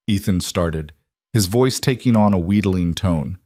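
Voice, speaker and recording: A man narrating a scripted dark romance story in a steady, even storytelling voice. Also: low-pitched, measured pace, no echo, clean studio sound.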